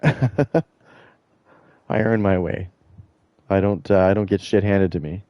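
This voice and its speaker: Profane, rambling gaming streamer, low voice. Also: male voice, slow pace, mellow, no echo. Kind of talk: casual rant while streaming.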